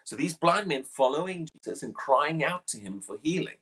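A man's voice: fairly high pitch, animated, normal speed, fairly bright tone, husky. A man preaching a short morning devotional, earnest and questioning, often repeating words as he presses a point.

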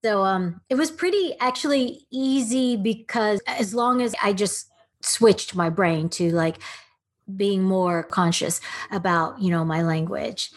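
A middle-aged actress from Texas chatting as a podcast guest, telling stories with lots of laughter and acted-out quotes. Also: female voice, medium pitch, unhurried. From Texas, United States. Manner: animated storyteller, laughs often, acts out quotes. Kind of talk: casual interview chat.

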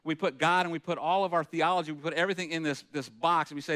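A fast-talking pastor with a fairly high, bright, forceful voice holds a steady tone as he preaches. Earnest and conversational, he reads scripture aloud between comments and puts rhetorical questions to the room.

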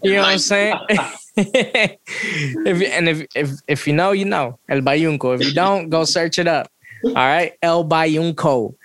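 A man hosting a podcast in casual chat, hyping up his guest with playful, energetic intros. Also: on the high side, measured pace. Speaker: podcast host.

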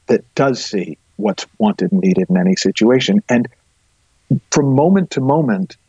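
Mellow, husky middle-aged man. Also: medium pitch, no room sound. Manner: thoughtful, explains with vivid images. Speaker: guest, coach. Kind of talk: reflective conversation. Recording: dull, lo-fi sound.

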